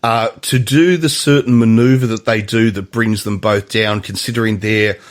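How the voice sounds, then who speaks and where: A man's voice: on the low side, fairly even intonation, normal speed. A man hosting a casual movie podcast, chatty and prone to restarting his sentences. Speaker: podcast host. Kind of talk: casual chat.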